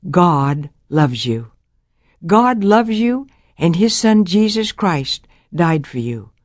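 A woman voicing a gentle young woman preacher who speaks softly and slowly to a room of children. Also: fairly low pitch, lively intonation, dry recording, studio quality. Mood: coaxing.

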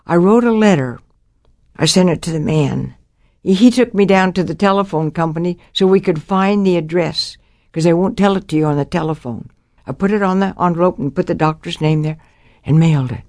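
A woman's voice: fairly low pitch, fairly quick, darkish tone, no echo, studio quality. An older woman giving a Christian testimony about her life, telling it dramatically and acting out the voices of the people in her story.

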